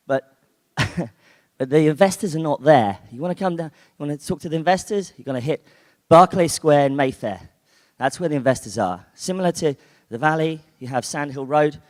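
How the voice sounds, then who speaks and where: A man's voice: fairly high pitch, animated, normal speed. Chatty man in a reverberant hall. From United Kingdom. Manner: chatty, rambling with fillers and restarts. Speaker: conference speaker. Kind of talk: keynote talk. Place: conference hall.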